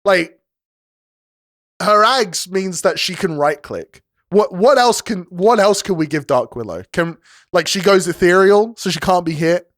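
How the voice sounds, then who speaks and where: A young man, casting a live esports match solo, racing through rapid play-by-play that builds to shouting at big fights, with chatty asides to his stream chat. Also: sits high, expressive, no room sound, clean studio sound. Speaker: esports caster. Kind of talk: solo live game commentary.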